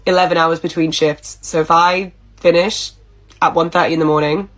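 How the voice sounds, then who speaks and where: Woman playing a deadpan British pub worker. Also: fairly low pitch, normal speed, close to an everyday voice. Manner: flat, matter-of-fact, deadpan. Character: blunt, unbothered young woman pub worker. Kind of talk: comedy sketch acting.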